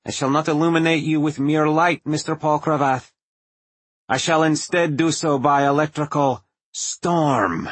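A calm, showy male inventor with a nasal tone and grand, formal phrasing, as a husky-voiced narrator puts him on. The voice is pitched up high and sounds dry and close. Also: a little slow, dry recording. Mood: grandiose. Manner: grand, formal, self-assured.

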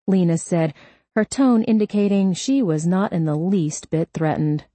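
A woman narrating a crime audiobook at a slow, deliberate pace. Her voice sits low and steady, and the recording is dry and close with no room sound. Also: no room sound. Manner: steady, measured storytelling.

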